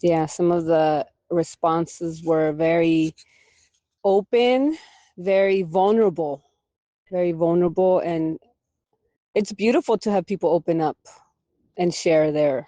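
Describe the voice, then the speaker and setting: A woman's voice: lowish voice, measured pace, pauses often, warm tone, no echo, dull audio. A woman co-hosting a casual podcast who is a little sick and holding back a cough. She laughs easily and slips Spanish words into her English. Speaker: podcast co-host.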